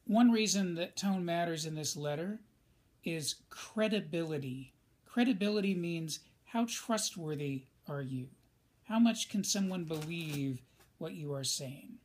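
A man's voice: on the high side, expressive, unhurried, a little mellow. A male teacher giving a recorded lesson in a conversational way, speaking straight to his students. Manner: conversational, addresses students directly.

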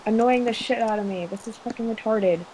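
A woman's voice: fairly high pitch, brisk, background noise. A woman co-hosting a let's play, teasing and chatting as she plays. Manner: teasing, swears when annoyed. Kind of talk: casual gaming chat.

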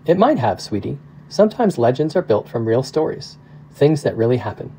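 A man reading aloud, voicing a gentle father who speaks softly and tenderly to his daughters. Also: mid-range voice, sing-song, moderate pace, slight background noise, poor audio. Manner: soft, tender and reassuring.

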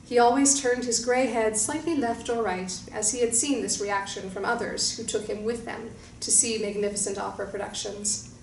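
A woman reading a short story aloud in a calm, measured storytelling manner. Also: mid-range voice, creaky. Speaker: narrator. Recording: roomy distant mic with faint hiss.

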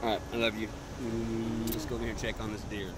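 A man's voice: fairly low pitch, little pitch movement, fast talker, heavy background noise. A man filming on a handheld phone in a tree stand in the woods, talking to his daughter in an effusive, encouraging way. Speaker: father taking his daughter hunting.

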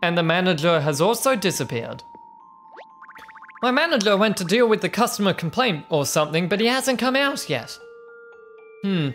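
A woman's voice: medium pitch, very animated, normal speed, long pauses, soft background music. A young adult woman playing through a video game, chatting playfully and reading the characters' dialogue aloud. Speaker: let's play host. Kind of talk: gameplay commentary.

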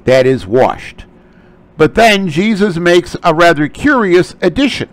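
A man's voice: high-pitched, low-quality recording. A man teaching a scripture lecture, explaining Greek terms closely. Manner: slow, animated delivery. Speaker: Bible study teacher.

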